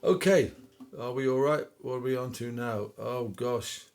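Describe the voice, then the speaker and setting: A man's voice: mid-range voice, unhurried, darkish tone. A man with a West Country accent, chatting casually between songs at home and reading out dedications for a request show. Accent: English West Country. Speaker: singer-songwriter hosting a request show. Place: at home during lockdown. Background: faint guitar.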